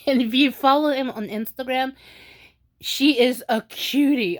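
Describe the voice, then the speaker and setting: Woman vlogger, high voice, slow, halting delivery with frequent restarts. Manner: halting, many restarts and fillers; tearful and emotional in places. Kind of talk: casual vlog commentary.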